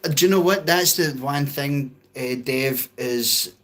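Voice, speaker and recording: A man's voice: mid-range voice, takes it slowly, fairly bright tone. A Scottish man hosting a casual livestream, rambling and chuckling as he answers viewer comments. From Scotland. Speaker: livestream host.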